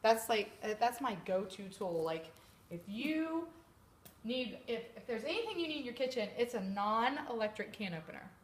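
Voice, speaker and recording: A woman giving a chatty, animated sales training talk to a live group, sometimes acting out customers' voices. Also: fairly high pitch, moderate pace. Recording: echoey room with background noise.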